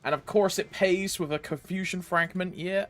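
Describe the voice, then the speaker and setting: A man's voice: high-pitched, steady tone, moderate pace, fairly bright tone, faint music behind. A man streaming a game live, chatting casually, joking, swearing and scat-humming to himself.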